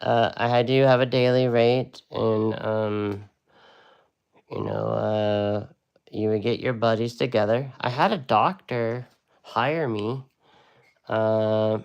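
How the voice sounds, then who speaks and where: A man's voice: medium pitch, creaky, smooth. A man teaching a casual live watercolor lesson, chatty and rambling with laid-back slang. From United States.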